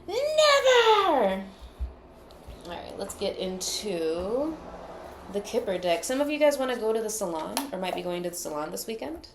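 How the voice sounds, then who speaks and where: A woman's voice: mid-range voice, animated, brisk, vocal fry, reverberant, background noise. A woman giving a casual tarot reading, chatty, loose and full of profanity. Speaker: tarot card reader.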